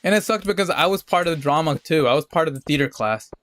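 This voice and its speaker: A man's voice: a little high, animated, fast, a bit bright, slight background noise. A young adult man streaming a game, telling a rambling, profane story in a casual, laid-back way. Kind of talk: casual storytelling while gaming.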